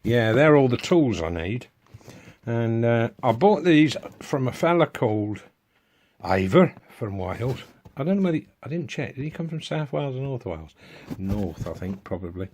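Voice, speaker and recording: A man's voice: medium pitch, very animated, moderate pace, darkish tone, a little hiss or hum. A middle-aged man, chatting casually in a home workshop vlog and going off on homely asides. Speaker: DIY vlogger.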